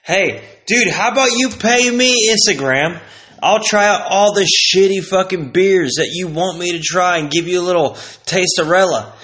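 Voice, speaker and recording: A man's voice: sits high, normal speed, a bit bright. A man delivering a profane, rambling vlog rant with exasperated disbelief. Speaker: vlogger. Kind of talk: casual ranting monologue.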